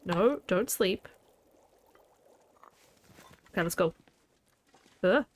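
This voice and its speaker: A woman's voice: mid-range voice, animated, drawn-out words. A woman game streamer chatting casually with her viewers as she plays, playful and laughing often. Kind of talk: casual chat while playing a video game.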